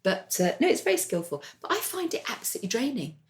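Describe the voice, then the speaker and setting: A woman's voice: mid-range voice, sing-song, fast. A woman novelist co-hosting a casual chat, chatty and self-deprecating, with rambling asides. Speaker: podcast co-host, novelist.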